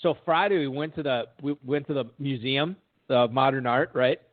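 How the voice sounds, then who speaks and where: A middle-aged man guesting on a podcast, telling stories in a casual, animated way and laughing as he goes. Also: medium pitch, normal speed. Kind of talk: casual storytelling. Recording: tinny phone-line audio.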